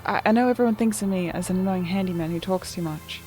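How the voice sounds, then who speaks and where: A woman's voice: fairly low pitch, fast talker, dark tone, soft background music, lightly acted. A woman reading the lines of a nervous young male handyman in a video game, pleading and apologetic. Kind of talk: reading game dialogue aloud.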